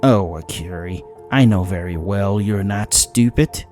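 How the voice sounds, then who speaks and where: A cold, exacting fae noblewoman, as a male narrator voices her. She speaks in a formal, precise and cutting way, low in pitch, over a faint bed of music. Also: measured pace, darkish tone. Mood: cool, cutting. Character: haughty fae woman, cool and precise.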